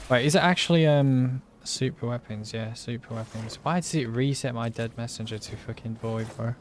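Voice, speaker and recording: A young man streaming a game live, chatting to viewers in slangy, swearing, excitable gamer talk. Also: mid-range voice, a little fast, slight background noise. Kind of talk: live gameplay commentary.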